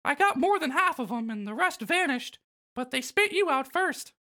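A man voicing an earnest, squeaky-voiced cartoon mouse king in a falsetto while recapping a game on a podcast. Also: very animated, normal speed, sharp tone, full character voice. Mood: earnest warning. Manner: falsetto, urgent and cautionary.

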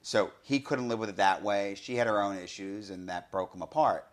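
Low-voiced excited man reviewing a film. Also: moderate pace. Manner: excited, fills with "you know". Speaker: podcast host. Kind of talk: casual film review chat.

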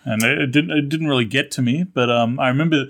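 A man's voice: medium pitch, fast, fairly bright tone. Male podcast co-host, mid-range voice, hesitant, rambling, casual chat.

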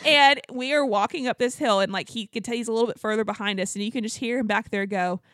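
A woman co-hosting a podcast, telling a story in a fast, animated way with lots of filler words. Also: a little high, no echo. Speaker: podcast co-host. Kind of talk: casual storytelling chat.

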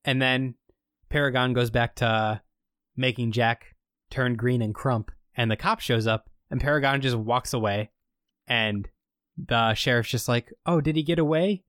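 A man's voice: medium pitch, steady tone, measured pace, fairly bright tone, clean tone, no echo. A man casually recaps a show episode, rambling through the plot with frequent fillers. His voice sits in a plain middle register and sounds dry and close, with no room around it. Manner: rambling storytelling with many fillers. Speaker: podcast co-host recapping a show.

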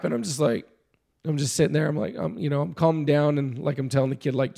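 A man casually telling a story about coaching youth baseball, animated and laughing often, getting loud when he reenacts yelling. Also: on the high side, quick pace, gravelly.

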